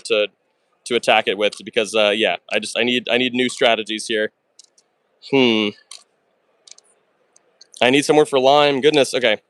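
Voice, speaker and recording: A man live-streaming himself solving puzzles, talking fast and chatty through every move, with excitable outbursts and thanks to chat. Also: medium pitch, smooth, no room sound. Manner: fast and chatty, talks through his moves; excitable, bursts of exclamations.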